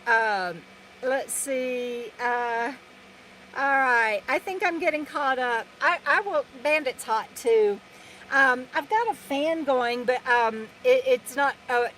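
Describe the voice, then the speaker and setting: High-voiced woman chatting on a live stream. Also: a little hiss or hum, poor audio. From Texas. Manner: chatty and rambling, reading out viewer comments. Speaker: vlogger hosting a live stream. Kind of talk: casual live-stream chat. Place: inside her RV in a parking lot. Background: loud trucks passing.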